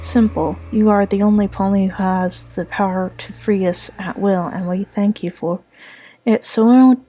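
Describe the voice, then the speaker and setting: A woman's voice: mid-range voice, steady tone, moderate pace, dark tone, natural voice, low-quality recording. A woman voicing a sinister hooded spirit pony with an ashy voice and a coaxing manner. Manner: coaxing, persuasive.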